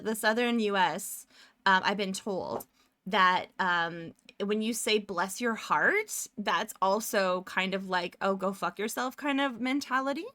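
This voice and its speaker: Bright, chatty woman streamer. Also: mid-range voice, dry recording. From Toronto, Canada. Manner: rambling, jokey, laughs often. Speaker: livestream host. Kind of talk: casual livestream chat while doing pixel art. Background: faint music.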